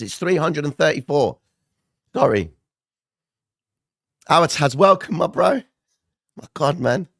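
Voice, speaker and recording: A man doing casual live market commentary who keeps checking in with viewers, his voice rougher than usual. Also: low voice, no echo, studio quality. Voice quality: gravelly, not his normal voice. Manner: chatty, addresses viewers directly, frequent "okay?" and "right?".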